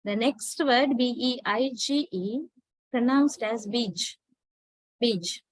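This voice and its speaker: A woman teaching a class, slowly and deliberately repeating words to drill pronunciation. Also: on the high side, no room sound, low-quality recording. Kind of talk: classroom lecture.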